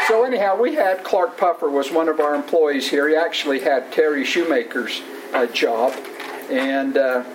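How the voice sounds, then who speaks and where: Brief: male coworker, halting anecdote-teller at a retirement event. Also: a little high, a little hiss or hum, poor audio. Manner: rambling, halting, laughs through his story. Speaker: coworker giving a retirement tribute. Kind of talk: storytelling speech at a farewell gathering.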